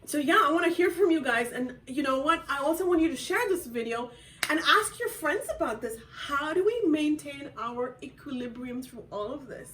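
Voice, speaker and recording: High-pitched and animated, this woman author talks at a moderate pace with a bit of brightness during a motivational livestream from home. The mic is distant, with slight background noise and poor audio, as she earnestly opens up about her feelings and laughs a lot.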